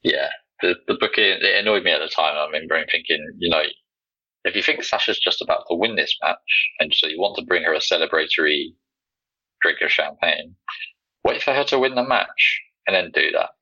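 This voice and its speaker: A man's voice: deep voice, fairly quick, bright, forceful tone, breathy edge, no echo, muffled recording. A man co-hosting a wrestling podcast in casual chat, agreeable and a little hesitant.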